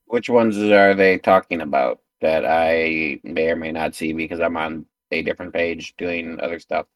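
A man's voice: very deep voice, fairly even intonation, moderate pace, no room sound, recorded from a distance, rough recording. A man playing a tabletop game, focused and matter-of-fact. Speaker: player.

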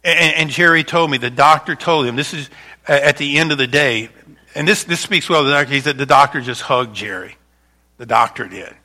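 A man preaching a sermon as pastor, talking in a loose, conversational way with frequent restarts, rising loud for emphasis and dropping to soft, hushed passages. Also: medium pitch, a little fast.

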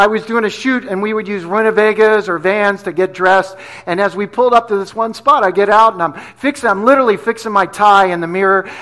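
A man's voice: high voice, pushed and bright. A middle-aged man from New Jersey preaching a sermon in a conversational, storytelling way, often asking "right?". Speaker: pastor.

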